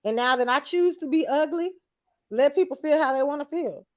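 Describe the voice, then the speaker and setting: Animated, blunt slangy woman. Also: high voice, a little fast. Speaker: podcast co-host. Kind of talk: casual reality-TV recap chat.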